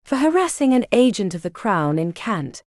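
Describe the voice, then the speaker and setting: A woman's voice: medium pitch, very animated, normal speed, a little mellow, no room sound, clean studio sound, lightly acted. A woman doing a cold officious enemy captain. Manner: formal, clipped.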